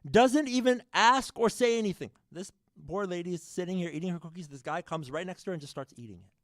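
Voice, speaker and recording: A man giving a sermon, telling a story to the congregation with lively shifts in loudness and addressing them as brothers and sisters. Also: sits high, fast talker, no echo, studio quality. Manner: animated, shifts loudness widely, addresses the audience directly. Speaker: speaker at a religious program. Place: mosque or community hall.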